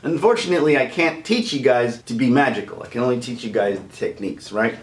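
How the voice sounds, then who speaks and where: A man's voice: mid-range voice, quick pace, echoey room. A man teaching voice impressions in a casual, chatty video tutorial, laughing often as he talks.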